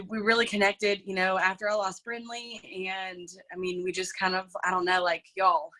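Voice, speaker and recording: A woman's voice: mid-range voice, pushed and bright, rough recording. A woman hosting a motivational group video call. She talks in an effusive, emotional way and keeps calling the group "y'all".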